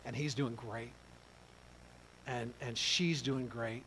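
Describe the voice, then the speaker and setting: A middle-aged pastor, preaching in a conversational storytelling way, dropping to quiet asides and rising to loud exclaims. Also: male voice, medium pitch, steady tone, slow, a little hiss or hum, low-quality recording. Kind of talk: storytelling sermon.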